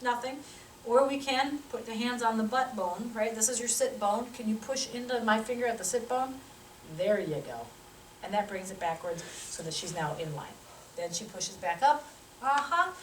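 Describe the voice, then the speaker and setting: A woman, a physical therapy instructor, teaching a live demonstration and coaching a volunteer through an exercise with quick cues and encouragement. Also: on the high side, lively intonation, a little hiss or hum. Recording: roomy sound from a distant mic.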